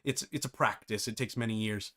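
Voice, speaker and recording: A man's voice: lowish voice, fairly quick, pushed and bright. Man, game dev tutor, live stream lesson, chatty, laughs a lot. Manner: chatty, self-deprecating, laughs often.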